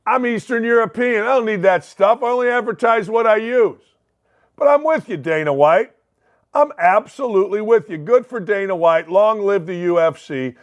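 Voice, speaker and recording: An older man with a Northwest Indiana, Chicagoland accent, hosting a sports talk show in a blunt, rambling monologue full of folksy asides. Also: high-pitched. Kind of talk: opinionated monologue.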